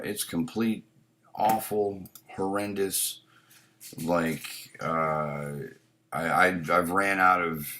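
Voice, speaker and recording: A man's voice: low voice, pushed and bright. A man hosting a casual live stream, blunt and opinionated, swearing often, with frequent restarts, reading chat comments aloud. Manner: blunt and heavily profane, many restarts.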